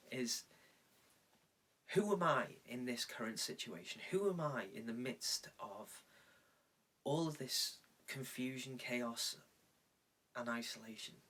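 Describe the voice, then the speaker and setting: A man preaching a reflective sermon, telling a story with measured pauses. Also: mid-range voice, fairly bright tone, recorded from a distance. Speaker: pastor. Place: indoors, recorded for online church.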